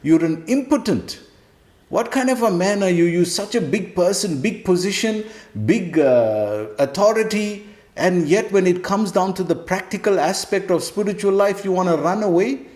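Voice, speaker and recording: A man's voice: high-pitched, animated, normal speed, a little mellow, pitched above the performer's own voice. A man voicing a stern male god who scolds a warrior with mocking, challenging questions, in a roomy echo. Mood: scornful.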